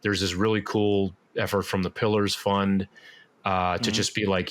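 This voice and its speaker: Man, very deep voice, casual guest talk, rambling, fillers and restarts. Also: flat delivery, moderate pace. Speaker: podcast guest, musician and actor. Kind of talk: casual interview chat.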